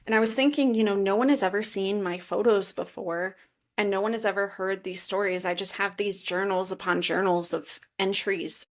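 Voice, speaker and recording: A woman in her thirties from the Chicago suburbs, a podcast guest telling travel stories in a lively, filler-heavy way. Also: mid-range voice. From suburbs of Chicago, USA. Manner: animated storyteller, many fillers like "like" and "you know". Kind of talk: casual interview chat.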